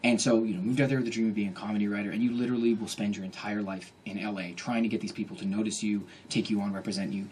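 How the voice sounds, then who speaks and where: A man in his thirties telling a comic story to a bookstore audience, quick and laughing often, acting out the people he quotes. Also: fairly low pitch, little pitch movement, darkish tone, a little hiss or hum. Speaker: author giving a bookstore talk. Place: bookstore event.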